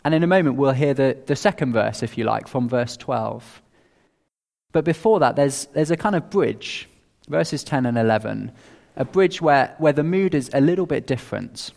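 A man preaching an expository sermon in a measured, earnest way, with small restarts. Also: mid-range voice, animated, vocal fry, darkish tone. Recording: long reverb of a large hall.

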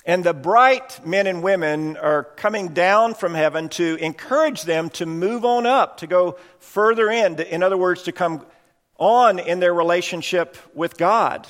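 A male preacher with a fairly high voice, giving an earnest sermon that explains his points carefully. His words hang in a long hall reverb. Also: measured pace, fairly bright tone.

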